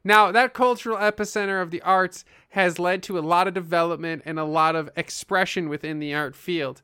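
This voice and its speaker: A man's voice: sits high, fairly even intonation, brisk, sharp tone, smooth, dry recording, clean studio sound. A man hosting a comic chat with a mock-formal, announcer-like delivery. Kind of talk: mock-serious comedic presenting.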